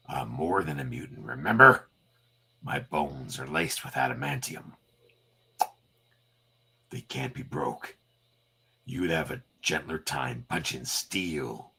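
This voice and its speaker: A man voicing a gruff, tough male mutant brawler in a comic read-through, growling his taunts low. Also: pushed and bright, heavily acted.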